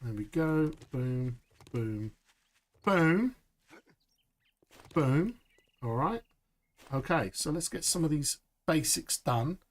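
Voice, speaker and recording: A man streaming a survival game live, chatty and upbeat, saying "boom" as he works. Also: a little slow. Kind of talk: live gameplay commentary.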